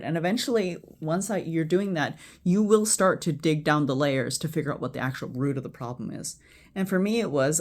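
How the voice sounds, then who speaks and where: A healthcare worker casually teaching a friend a calming technique, rambling with restarts and chant-like repeated phrases, sometimes swearing bluntly. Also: mid-range voice, normal speed. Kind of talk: casual spoken instruction. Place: at home before bed.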